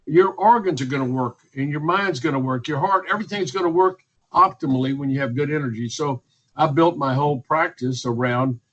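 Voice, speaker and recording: A man's voice: fairly high pitch, a little fast, fairly bright tone, slightly rough, highs cut off. A man, speaking as a physician guest in a radio interview, emphatic and repetitive, listing points one by one. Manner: emphatic, repetitive, list-making.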